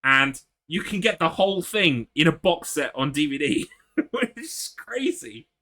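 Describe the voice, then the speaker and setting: A man's voice: a little high, sing-song, unhurried, pushed and bright. A man, giving casual commentary while streaming a game and chatting with viewers in a wry, sweary way.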